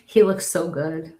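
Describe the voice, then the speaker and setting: A woman hosts a casual livestream, passing on spirit messages between bursts of laughter. Her voice sits a little low and carries an echo, as if she is in a bare, reverberant room. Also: warm tone. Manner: chatty, laughs often, relays messages in quotes. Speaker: psychic medium and livestream host. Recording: echoey room.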